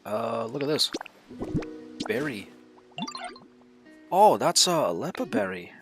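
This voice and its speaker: A man's voice: medium pitch, very animated, takes it slowly. A man streaming a game who chats casually, swears freely, laughs often and thinks aloud. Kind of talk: casual gameplay chat. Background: game music.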